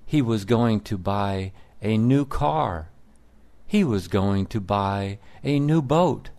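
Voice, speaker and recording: A man reading simple stories aloud for English learners, in deliberate, plain sentences. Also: lowish voice, lively intonation, darkish tone. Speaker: narrator. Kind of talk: slow scripted story narration for English learners.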